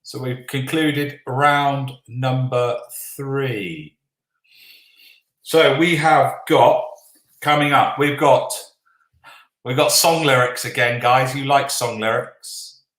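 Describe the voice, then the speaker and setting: A man running a live online quiz, reading the answers at an unhurried pace. He jokes with the players between questions and swears now and then. His voice carries a roomy echo. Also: medium pitch, a bit bright. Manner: jokey, swears then apologises, reads answers slowly. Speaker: quiz host. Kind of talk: live online quiz hosting, casual banter. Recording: echoey room.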